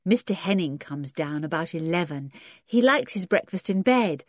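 A busy, kindly farmer's wife, as a woman reader puts her on, fussy and motherly in a storybook reading. Her voice stays close to the reader's own, lowish and dry. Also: expressive, normal speed, no echo.

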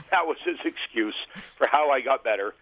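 Over a tinny, phone-like line with no echo, a male guest who used to be a hockey goalie tells funny stories at his own expense. His mid-range voice is lively in intonation and moves at a normal speed in this chatty, casual interview.

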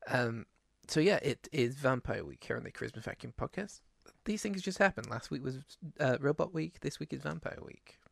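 A man's voice: medium pitch, expressive, normal speed, creaky, few pauses, no room sound. A man co-hosting a casual podcast, rambling and self-deprecating, with lots of fillers. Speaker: podcast co-host. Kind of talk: casual chat.

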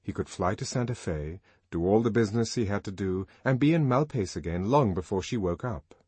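A man narrating a novel in a measured, expressive audiobook reading. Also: on the low side, husky, dry recording. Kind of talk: scripted narration.

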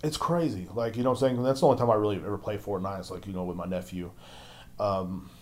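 The speaker is a fast-talking young adult man with a darkish tone, hosting his own podcast. It's an angry solo rant packed with swearing, with him mocking others in squeaky, silly voices.

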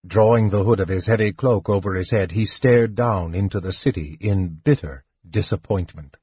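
A man narrates a fantasy audiobook in a low, husky voice. The recording is dull and dry, with no room sound. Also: moderate pace, mellow, no echo.

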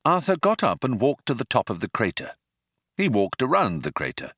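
A man's voice: medium pitch, wildly swooping pitch, normal speed, a bit bright, no room sound. A man narrating an audiobook in a dry, wry storytelling manner. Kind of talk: scripted narration.

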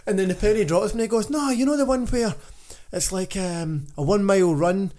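Animated Scottish man telling gym stories. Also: high voice, a little fast. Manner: animated, laughs through his stories. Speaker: podcast co-host, gym owner. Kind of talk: casual chat, storytelling.

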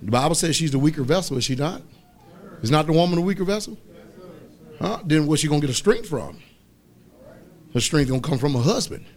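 A man preaching a sermon as pastor, rising to loud exhortation and dropping to soft asides. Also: a little high, expressive, fairly quick, long pauses. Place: church.

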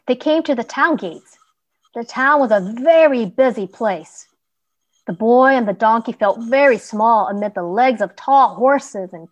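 A woman reads a children's story aloud, gentle and expressive. Her voice sits fairly high and shifts with the tale's mood.

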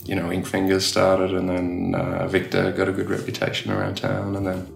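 A deep, monotone male voice with vocal fry moves at a normal pace over soft background music. He's a middle-aged Australian tattoo artist giving a rambling, casual interview, peppered with "you know" and restarts, recorded in a room with echo.

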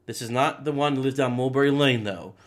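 A man's voice: medium pitch, fairly quick. A man hosting a Christian podcast, casually setting up a clip for listeners. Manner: conversational, introduces segments. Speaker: podcast host.

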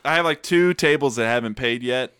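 A young man telling a wild story in casual chat, animated and profane, often laughing. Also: mid-range voice, a little fast, clear, resonant tone, no room sound, studio quality.

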